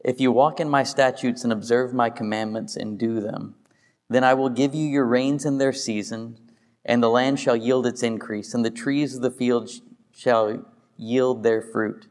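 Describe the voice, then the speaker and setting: A man giving a relaxed sermon as a pastor, reading scripture aloud and chuckling at his own stumbles. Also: mid-range voice, normal speed, big-room sound.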